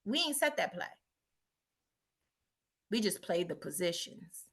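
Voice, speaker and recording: A woman's voice: on the low side, sing-song, measured pace, a bit bright. A middle-aged woman telling a story and giving a motivational talk, with emphatic repetition and a preachy tone. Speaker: motivational speaker.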